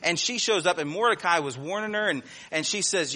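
A man preaching a sermon with a bright, ringing tone and a voice pitched a little high. He tells folksy stories and acts out the voices of people in them. On his serious points he sinks to a quiet, low voice. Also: lively intonation, a little fast. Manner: folksy storytelling, acts out voices, chuckles at own jokes; drops to a quiet, low voice when turning serious.

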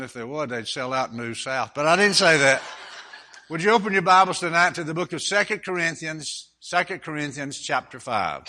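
Older Southern preacher with a bright voice. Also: male voice, a little high. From Alabama. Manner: folksy humorous storytelling, then reading Scripture with rising force. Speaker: guest preacher. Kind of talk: sermon.

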